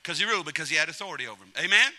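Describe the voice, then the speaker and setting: A middle-aged man preaching a sermon, humorous and animated, acting out quotes in different voices. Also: fairly high pitch, racing. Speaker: pastor.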